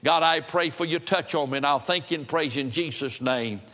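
A preacher delivers a revival sermon with fervent, emphatic bursts. His voice sits high and sounds bright and forceful. A long church reverb trails every phrase. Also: brisk. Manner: fervent, emphatic, with sudden loud cries and repeated phrases. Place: church building before a congregation.

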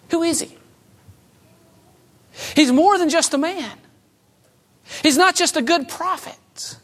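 Preaching in a high-pitched voice, this woman keeps her sermon conversational and lightly humorous. Her delivery moves emphatically from loud passages to soft ones.

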